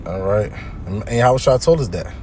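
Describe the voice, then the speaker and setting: Reading Bible verses aloud, this man explains them in everyday language in a casual preaching manner, often stopping to check in with his audience. His voice is lowish, expressive and dark, moves fairly quickly, and carries a slight hiss or hum.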